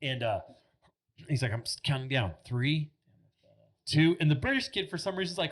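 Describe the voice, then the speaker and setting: A man's voice: on the high side, moderate pace. Rambling young man telling a story. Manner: rambling, filler-heavy, animated retelling. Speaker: podcast guest. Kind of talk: casual storytelling. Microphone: studio microphone.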